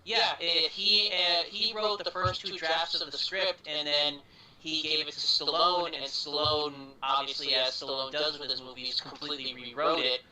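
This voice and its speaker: Guy with a really bright highish voice, earnest film nerd host, roomy sound. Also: flat delivery, moderate pace, recorded from a distance. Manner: earnest, stumbling over starts. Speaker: podcast host. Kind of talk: casual film retrospective chat. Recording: roomy room echo.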